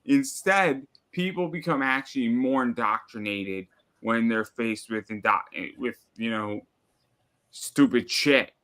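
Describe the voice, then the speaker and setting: A man's voice: medium pitch, a little slow, a bit bright. A man who is a guest on a casual podcast, arguing his point in a persuasive way and checking in with "right?" again and again. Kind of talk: casual chat.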